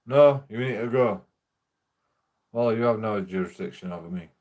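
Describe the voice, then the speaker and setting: A man's voice: lowish voice, moderate pace, a little mellow. A man casually telling a rambling, profane story while streaming a game, laughing often.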